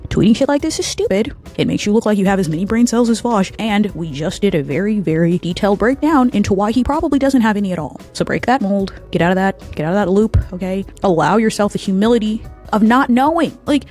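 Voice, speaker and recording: A woman's voice: medium pitch, lively intonation, fast talker, hardly any pauses, darkish tone, faint music behind. A woman giving heated commentary in a vlog, blunt and profane, hammering her points home by repeating them, openly angry. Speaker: political commentator.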